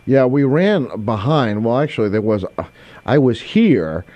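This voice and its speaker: Brief: man, call-in radio host, loose and rambling, warm low tone, dry studio mic. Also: sing-song, unhurried, dry recording, highs cut off. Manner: rambling, with many fillers and restarts. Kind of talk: casual call-in chat. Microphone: studio microphone.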